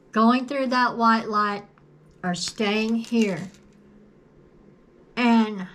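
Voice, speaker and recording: Woman, personal testimony to camera, slow and earnest, bright slightly high voice, occasional cough. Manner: earnest, slow and deliberate, repeats phrases for emphasis. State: coughing at times. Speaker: video creator sharing a personal story.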